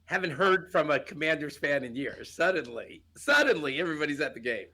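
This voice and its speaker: A man co-hosting a casual podcast chat, telling jokes and stories in an animated way. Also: fairly quick. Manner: animated joke-telling, jumps high when excited. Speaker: co-host.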